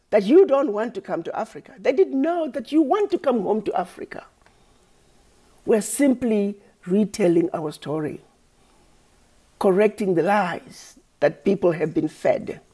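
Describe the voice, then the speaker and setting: A woman's voice: medium pitch, mellow, breathy edge. A middle-aged woman giving an impassioned address to her community, with rhetorical questions and repeated appeals. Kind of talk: impassioned direct-to-camera address.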